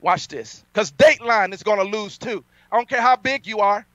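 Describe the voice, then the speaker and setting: A man preaching a fiery sermon, boastful and defiant, his voice climbing to loud peaks. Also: sits high, moderate pace, no echo. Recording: dull lo-fi sound, dry.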